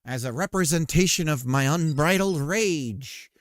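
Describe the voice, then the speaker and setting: A man doing an impression of an older male comics creator, speaking slowly and grandly about his own genius. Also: on the high side, no room sound, pitched above the performer's own voice, natural voice. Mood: grandiose.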